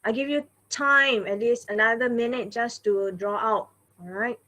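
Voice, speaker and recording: A woman's voice: a little high, moderate pace, pushed and bright. Patient woman teaching a math lesson. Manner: patient, repeats "all right" and "okay" often.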